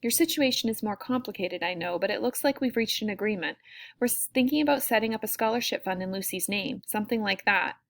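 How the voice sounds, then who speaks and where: A woman reading a frail, warm older mother. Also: medium pitch, fast, gravelly. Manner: warm, soothing.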